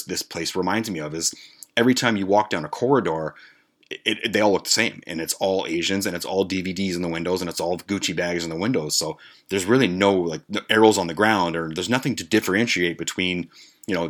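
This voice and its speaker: A podcast host, an adult man with a grandmother, tells a long, rambling story in a casual rant. His voice is low-pitched and a bit bright, and he swears a lot, restarts often and uses plenty of fillers.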